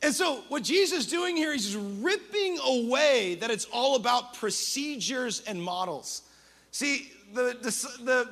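A man preaching in a very high voice with a gravelly edge and a bright, forceful tone. He delivers his sermon energetically and with humor. He keeps it conversational, with quick asides. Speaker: pastor.

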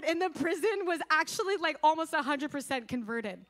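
High-voiced woman preaching a lively sermon. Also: normal speed, hardly any pauses. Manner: lively, acts out quotes, addresses audience directly. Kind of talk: sermon storytelling.

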